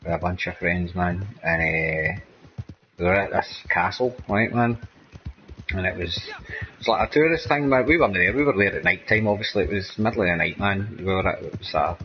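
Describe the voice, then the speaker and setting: A man's voice: low voice, moderate pace, dull audio, a little hiss or hum. A man with a Scottish accent chatting casually while playing a game, rambling and tagging nearly every sentence with "man" or "mate". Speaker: gameplay streamer. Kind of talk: casual gameplay chat.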